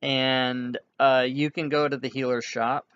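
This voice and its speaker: A man's voice: medium pitch, level tone, measured pace, a bit bright, clear, resonant tone, lo-fi sound. A man narrating an online tabletop game as game master, casual and rambling, with many restarts.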